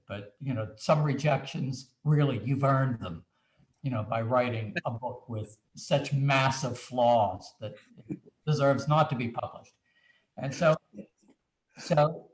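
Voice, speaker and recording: A man telling an animated story as a guest author, acting out little quoted asides as he goes. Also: mid-range voice, echoey room. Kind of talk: anecdotal storytelling on a video chat.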